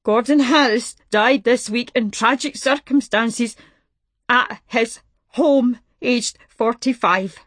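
A woman's voice: fairly high pitch, a bit bright, no room sound, voice pushed up. A woman reading aloud, voicing a desperate middle-aged male caller who chokes out his words between sobs. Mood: grieving. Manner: crying, halting between sobs. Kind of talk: audiobook reading.

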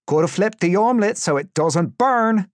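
A man's voice: high-pitched, animated, moderate pace, no echo, clean studio sound, voice pushed up. A man voicing a cheerfully cruel male thug who taunts his captive with jaunty, sneering banter. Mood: mocking cheer.

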